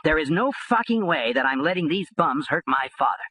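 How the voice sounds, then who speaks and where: Husky, lively male audiobook narrator. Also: a little high, fairly quick, low-quality recording. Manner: blunt, streetwise storytelling. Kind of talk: first-person audiobook narration.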